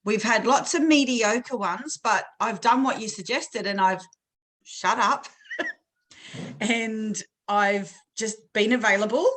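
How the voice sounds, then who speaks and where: A woman's voice: on the high side, takes it slowly, fairly bright tone, slight background noise, poor audio. A woman chatting candidly as a coaching client, talkative and self-deprecating, often laughing. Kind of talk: candid personal chat.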